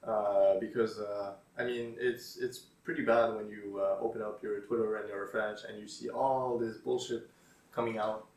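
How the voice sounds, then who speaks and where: A man's voice: fairly low pitch, flat delivery, normal speed, darkish tone. A man casually commenting on tweets in a hesitant way, with lots of fillers and dry sarcastic asides. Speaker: YouTuber reading tweets. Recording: roomy echo, distant mic.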